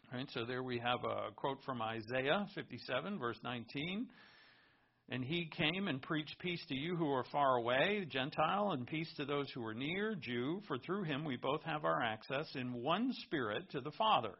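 A man preaching a sermon, reading scripture aloud and explaining it in an earnest teaching tone. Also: mid-range voice. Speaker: pastor. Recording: muffled lo-fi recording.

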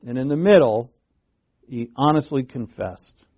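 A man preaching a sermon, earnest and halting, restarting phrases and pushing his voice up for emphasis. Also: medium pitch, expressive, narrow, tinny audio. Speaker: pastor.

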